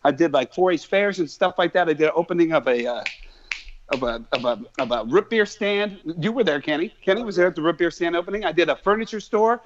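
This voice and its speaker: A man guest on a podcast, an excitable storyteller who rambles from one anecdote to the next. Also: a little high, fast talker, a little hiss or hum. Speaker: musician guest. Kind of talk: casual chat. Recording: dull lo-fi podcast audio.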